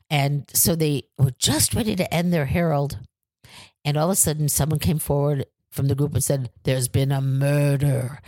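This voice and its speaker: An older woman, a guest on an interview, telling lively stories, acting out quotes and swearing freely. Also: low-pitched, no room sound. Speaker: guest, improv theater founder. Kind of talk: casual storytelling interview.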